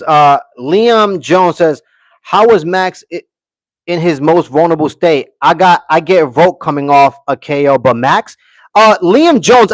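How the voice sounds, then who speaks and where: A man whose voice is a little high, recorded with no echo, hosts a live stream and gives brash, opinionated commentary on a fight. He reads viewer chat aloud, responds, and keeps repeating "okay" and "guys."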